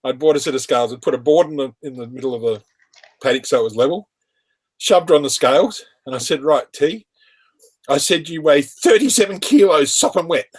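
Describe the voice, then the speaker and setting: A man's voice: mid-range voice, fairly quick, a little mellow. A man telling rambling work anecdotes in casual chat, laughing often. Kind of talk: casual chat on a live stream.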